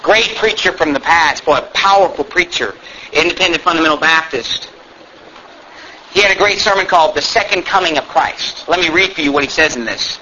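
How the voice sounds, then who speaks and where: A man's voice: on the high side, a little fast, pushed and bright, dull audio, slight background noise. A man preaching a sermon, emphatic and sarcastic, reading scripture aloud with rising force. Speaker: pastor.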